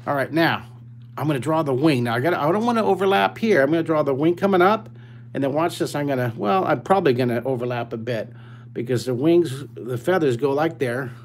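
A man's voice: a little high, expressive, a little fast, a little hiss or hum. An older man teaching a live drawing lesson for children over a webcam, enthusiastic and playful, chatting to the kids as he draws.

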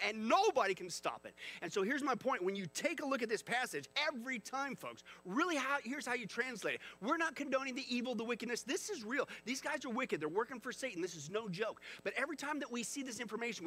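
A man preaching a sermon, animated and chatty, asking the congregation questions. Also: sits high. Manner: animated, conversational with the audience. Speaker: pastor.

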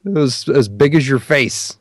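Guy hosting a gaming podcast, jokey and relaxed, dry close mic. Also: medium pitch, a little slow, no room sound. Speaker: podcast host. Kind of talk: casual podcast chat.

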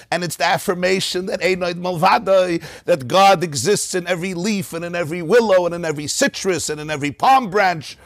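A man teaching a Torah class in a study hall, telling stories in a lively way, with many Yiddish and Hebrew terms. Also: sits high, studio quality.

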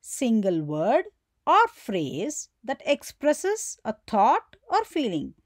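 A woman's voice: a little high, huge pitch swings, takes it slowly, no echo, clean studio sound. A woman teaching a grammar lesson, who poses questions to her viewers and answers them herself, and acts out the example exclamations.

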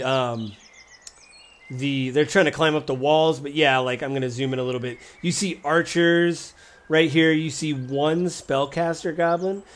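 A man running a tabletop game as game master, describing scenes casually with many fillers. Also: on the high side. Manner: casual, rambling, frequent fillers and laughs.

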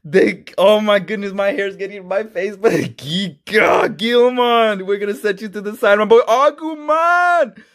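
A man hosting a casual card-opening video, excitable and quick to burst into shouts, often stumbling over names. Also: high voice. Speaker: YouTube host.

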